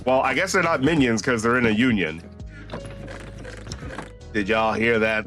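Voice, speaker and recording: A man's voice: medium pitch, animated, measured pace, pauses often, fairly bright tone, faint music behind. A tired man giving casual, rambling commentary while he streams a game, laughing often and swearing.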